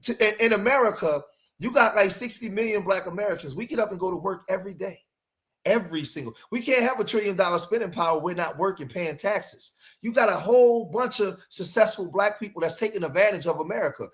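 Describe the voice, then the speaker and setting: A man's voice: sits high, quick pace, a bit bright. A man hosting a livestream, reacting to clips in emphatic commentary and repeating phrases for emphasis.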